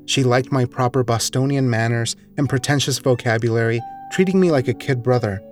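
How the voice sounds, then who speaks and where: A man reading a short story aloud in a measured, wry storytelling manner. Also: medium pitch, a little mellow, soft background music. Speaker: narrator. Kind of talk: scripted narration of a short story.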